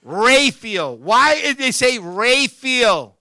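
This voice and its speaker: High, bright, animated comedy host man. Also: moderate pace. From Puerto Rican family. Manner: animated, profane, laughs at his own jokes. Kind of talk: comedic rant with banter.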